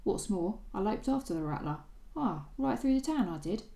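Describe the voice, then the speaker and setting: A woman's voice: mid-range voice, lively intonation, normal speed, gravelly, dark tone, echoey room, pitched above the performer's own voice. Woman doing a cheeky Cockney servant boy. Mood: sulky. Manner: thieves' cant, sulky and defensive. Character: scrappy young male servant boy, cheeky thief. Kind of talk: reading aloud from a novel.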